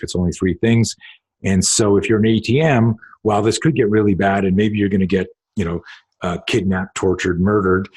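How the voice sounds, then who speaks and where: A middle-aged man, a self-defense coach, telling stories in a casual interview, rambling and animated, acting out quotes with swearing. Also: on the low side, breathy edge. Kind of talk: casual storytelling in a podcast interview.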